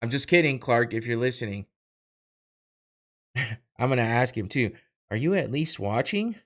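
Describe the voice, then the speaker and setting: A man's voice: medium pitch, lively intonation, normal speed, fairly bright tone. A young man hosting a casual solo podcast, talking over a live fight with rambling, profane, self-mocking chatter and frequent laughs. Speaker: podcast host. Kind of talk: casual solo watch-party commentary.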